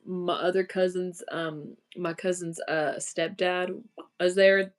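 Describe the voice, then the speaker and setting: Woman, own voice laid-back Texan co-host, slight twang, slow easy pace. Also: on the low side, steady tone. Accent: slight Texas twang. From Dallas, Texas. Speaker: livestream co-host. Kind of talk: casual chat.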